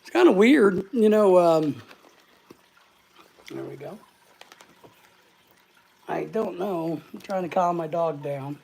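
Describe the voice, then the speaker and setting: A woman's voice: on the low side, expressive, slow pace, vocal fry, long pauses, mellow. A woman hosting a casual live stream, a little short of breath, rambling and greeting viewers one by one.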